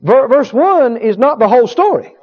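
A man preaches with a high, ringing voice, hammering key phrases again and again and pausing to draw agreement from his listeners. The recording is dull and lo-fi. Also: very animated, husky. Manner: emphatic, repetitive, call-and-response with the congregation. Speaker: healing school teacher and preacher. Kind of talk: sermon. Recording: dull lo-fi sound.

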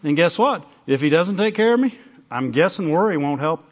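Conversational preacher with a dull recording. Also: male voice, fairly high pitch, lively intonation, fairly quick. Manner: conversational, self-interrupting, acts out little dialogues. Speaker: pastor. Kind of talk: sermon.

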